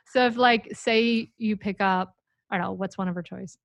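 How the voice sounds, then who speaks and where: A woman's voice: medium pitch, steady tone, moderate pace, vocal fry, no echo, highs cut off. Dry-voiced playful parenting coach, a woman. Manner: playful, demonstrative, acts out examples. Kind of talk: on-air coaching call.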